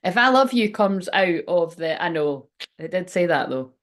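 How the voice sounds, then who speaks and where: A woman's voice: on the low side, animated, normal speed. Chatty woman rambling through a card reading. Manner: rambling, thinking aloud, swears casually. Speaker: tarot card reader. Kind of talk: casual tarot reading monologue.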